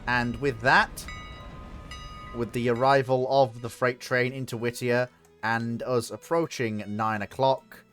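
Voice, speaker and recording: A man's voice: medium pitch, little pitch movement, slow pace, fairly bright tone, soft background music. A man hosting a casual gaming stream, trading jokey banter and dry self-mocking asides with a co-player.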